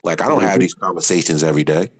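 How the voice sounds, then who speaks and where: A man's voice: low-pitched, quick pace, background noise. A man hosting a livestream chat, talking casually and often asking "you know what I mean".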